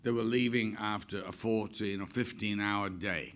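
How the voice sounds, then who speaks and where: A man's voice: fairly low pitch, fairly even intonation, normal speed, a bit bright. An older man, an actor, telling chatty anecdotes on stage with frequent laughs. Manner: chatty, laughs often, acts out quotes.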